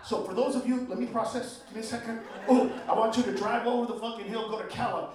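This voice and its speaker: A male stand-up comedian working a live club crowd, profane and prone to loud shouting rants. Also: very high-pitched, steady tone, fast talker, hardly any pauses. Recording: echoey live club, distant mic, crowd noise.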